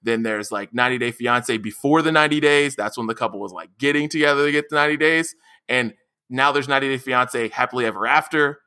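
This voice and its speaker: A man co-hosting a podcast in casual chat, animated and excitable, acting out what others say. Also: mid-range voice, quick pace, clean tone. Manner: animated, excitable, laughs often, acts out quotes loudly. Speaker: podcast co-host.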